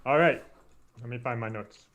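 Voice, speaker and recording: A man's voice: mid-range voice, moderate pace, fairly bright tone, lo-fi sound. Playful man running a trivia game. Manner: playful, teasing. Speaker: quiz host. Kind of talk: hosting a trivia game on a live show.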